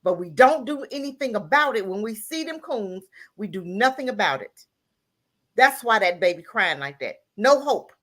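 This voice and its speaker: A woman's voice: expressive, normal speed, a bit bright. A woman calling in to a live talk show, delivering a heated, emphatic rant full of repeated lines. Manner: breaks into laughter and raises voice to near-crying pitch. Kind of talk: impassioned call-in rant.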